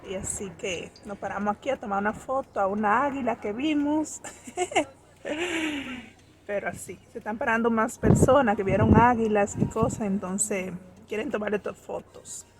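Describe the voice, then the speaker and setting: A woman's voice: mid-range voice, brisk, very noisy. A woman chatting casually to her viewers while on an outing. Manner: chatty, upbeat sign-offs to viewers. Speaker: vlogger. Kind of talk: casual vlog chat to viewers.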